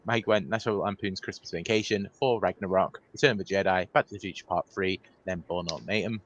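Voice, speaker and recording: Male co-host, lowish voice, brisk list reader. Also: a little hiss or hum, poor audio. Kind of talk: reading a recap.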